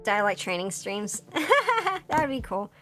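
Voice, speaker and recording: A woman's voice: medium pitch, big pitch swings, slow, bright, forceful tone. A woman with a Philadelphia accent, chatting casually as a streamer while building a model kit, rambling with lots of fillers and restarts. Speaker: VTuber streamer. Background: faint background music.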